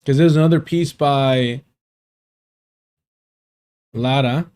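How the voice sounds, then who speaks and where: A man's voice: mid-range voice, takes it slowly, a little mellow, clean tone. A man hosting a live stream in casual, rambling chat, laughing often and swearing freely.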